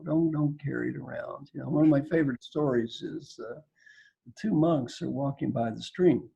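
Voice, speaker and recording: Older kentucky guy, gravelly and husky, joking around and repeating himself, kinda dark tone. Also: medium pitch, moderate pace, highs cut off. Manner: folksy, joking, repeats phrases for emphasis. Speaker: coaching guest speaker. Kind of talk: casual storytelling on a video call panel.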